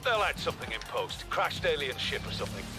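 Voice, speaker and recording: An actor playing an upbeat film crew coordinator who urges the driver on. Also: male voice, medium pitch, big pitch swings, fast talker, music in the background, natural voice. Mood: urging. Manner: upbeat, urging. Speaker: game character.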